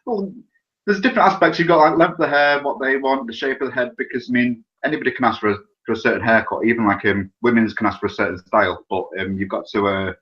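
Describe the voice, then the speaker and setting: A man's voice: mid-range voice, fairly even intonation, fast, fairly bright tone, highs cut off. A British man, a guest on a podcast, talking informally and rambling about his barbering work. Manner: rambling, informal, filler-heavy. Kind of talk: casual podcast interview.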